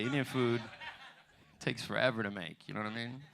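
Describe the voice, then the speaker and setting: A man's voice: mid-range voice, fairly quick, creaky, a bit bright. A man performing a stand-up comedy set in a loose, conversational way, often asking "you know what I mean". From United States. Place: theater bar stage.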